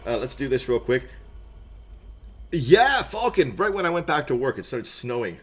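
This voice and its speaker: A man's voice: mid-range voice, very animated, normal speed, slightly rough. A man streaming a video game live, chatting casually with viewers from a room at home and yelping and laughing at sudden moments in play. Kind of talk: casual gameplay chat.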